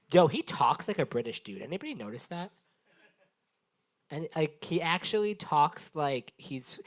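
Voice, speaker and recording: A young man hosting an open mic, doing loose, profane stand-up crowd work on a small bar stage. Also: medium pitch. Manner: rambling, profane, teasing the audience. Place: small bar venue stage before a live audience.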